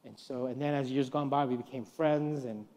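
A middle-aged man preaching a guest sermon in a church, telling stories and acting out the voices he quotes, swinging from soft to loud. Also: mid-range voice, steady tone, normal speed. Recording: long reverb of a church hall.

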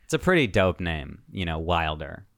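A man in his thirties in casual conversation, relaxed and unhurried, swearing casually. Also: deep voice, vocal fry, no echo, clean studio sound. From immigrated as a refugee as a child. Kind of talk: casual chat.

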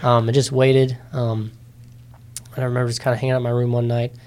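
In a relaxed interview, a young man of nineteen talks through his experience in an easygoing, chatty way. He fills his speech with ums and likes, and his voice lifts when he acts out what others said to him. His pitch sits in an ordinary middle range. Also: fast talker. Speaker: interview guest, competitor. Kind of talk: casual interview storytelling.

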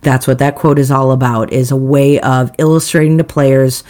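A woman's voice: extremely low pitch, level tone, normal speed, darkish tone. A woman hosting a podcast in upbeat, giggly casual chat. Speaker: podcast co-host.

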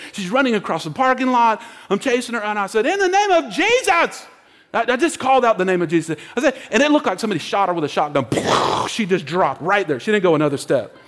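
A man preaches in an animated, high-pitched voice that leaps up and down as he acts out the voices in his story. His words ring out with a long reverb, as in a large church hall.

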